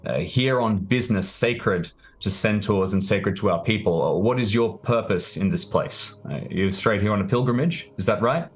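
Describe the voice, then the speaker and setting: A man's voice: fairly low pitch, normal speed, hardly any pauses, slight background noise, lightly acted. A man voicing a solemn centaur warrior woman. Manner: formal, stately speech. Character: female centaur warrior, solemn keeper of mercy.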